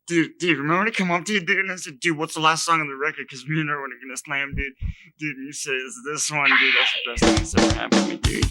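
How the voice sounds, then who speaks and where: A man voicing an excitable young metalhead fan who rambles and keeps saying dude. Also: a little high, quick pace, soft background music. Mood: excited.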